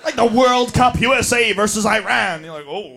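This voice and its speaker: An American man doing a profane, shouting stand-up rant, recorded live in a comedy club. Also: high-pitched, moderate pace, creaky. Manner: profane, shouting, mocking voices. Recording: live club with crowd and noise.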